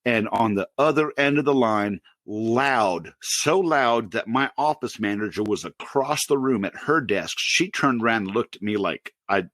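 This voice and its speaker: Co-host, man, late 40s, animated storyteller, close dry mic. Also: unhurried, few pauses, dry recording. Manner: animated storyteller, pitches up for quoted outbursts, laughs often. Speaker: podcast co-host. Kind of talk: casual storytelling.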